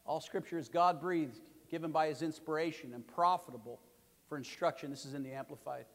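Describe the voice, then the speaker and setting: A man's voice: on the high side, a little fast. Emphatic male pastor in a reverberant church. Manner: emphatic, repeats key words, swings between loud declarations and quiet asides. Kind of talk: sermon.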